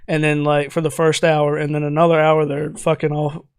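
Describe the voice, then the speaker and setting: A man's voice: fairly high pitch, monotone, normal speed, clean tone, dry recording. A man co-hosting a podcast in casual chat, rambling and laughing, with heavy swearing. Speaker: podcast co-host.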